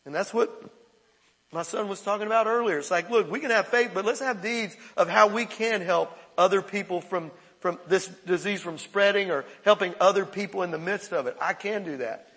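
A man's voice: sits high, normal speed, fairly bright tone, breathy edge, big-room sound. A middle-aged man preaching a conversational, emphatic sermon as pastor.

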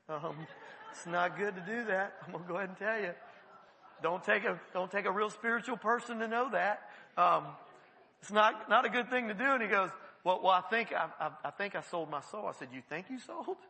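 A man preaching a sermon in a church, telling stories and acting out the voices he quotes. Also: sits high. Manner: animated storytelling, acts out quoted voices. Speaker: pastor. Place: large church hall. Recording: long hall reverb.

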